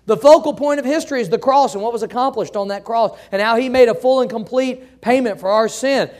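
A man's voice: very high-pitched, brisk, a little mellow. A man pastor preaching a sermon in an emphatic, folksy way, with joking asides.

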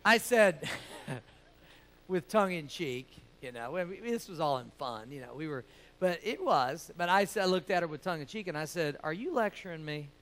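A man's voice: a little high, expressive, normal speed, fairly bright tone. A man preaching to a church class, keeping it jokey and calling out "amen?" and "right?" to the room. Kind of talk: sermon.

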